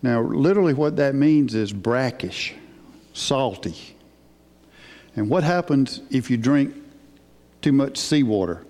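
A man preaching a sermon in an unhurried, emphatic way, asking his listeners questions. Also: mid-range voice, darkish tone. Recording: hall with long reverb.

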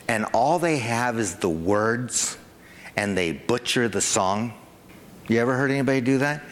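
A man preaching a sermon to a congregation, animated, with a rising pitch whenever he acts out an excited parent. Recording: long hall reverb.

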